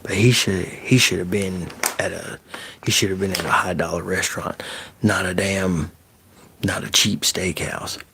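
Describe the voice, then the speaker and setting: A man chatting casually on an ASMR live stream, soft-spoken and slipping into whispers, loose and a bit profane. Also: low voice, steady tone, unhurried, noisy background.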